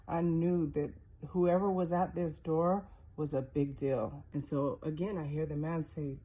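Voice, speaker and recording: A woman's voice: low voice, unhurried, few pauses, dark tone, slightly rough. A woman in her thirties telling a personal story in a conversational, vivid way.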